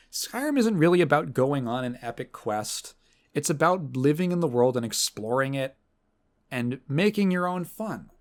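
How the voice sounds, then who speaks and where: A man's voice: a little high, big pitch swings, moderate pace. A man hosting a podcast in casual chat, rambling and sardonic, swearing freely with lots of fillers and restarts. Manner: fillers and restarts, mocking quoted voices. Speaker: podcast host.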